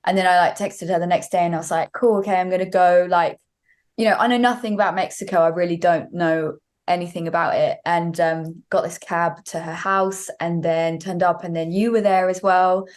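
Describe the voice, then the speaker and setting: A young woman singer with a fairly low, steady voice talks a little fast as an interview-show guest. Her casual storytelling runs long and is packed with fillers.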